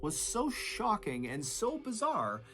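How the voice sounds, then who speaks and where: A man narrating a true crime story with dramatic shifts in pitch and loudness. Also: wildly swooping pitch, slow pace.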